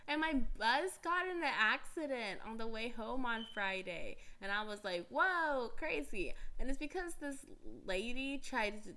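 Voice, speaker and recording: A woman's voice: mid-range voice, fairly bright tone. A young woman hosting a podcast in a chatty, giggly, casual way, full of filler words. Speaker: podcast host. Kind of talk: casual chat.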